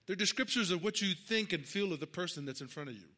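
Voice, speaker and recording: Bright-voiced middle-aged man preaching. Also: sits high, lively intonation, fast talker. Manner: conversational, many fillers and repeated starts, calls for amens. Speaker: pastor. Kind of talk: sermon with personal story.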